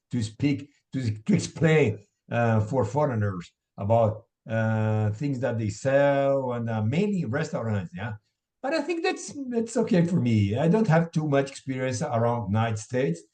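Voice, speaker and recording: Halting man with a mellow voice. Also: medium pitch, far from the mic. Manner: halting, many restarts and "uh". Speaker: English learner. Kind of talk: casual online group chat.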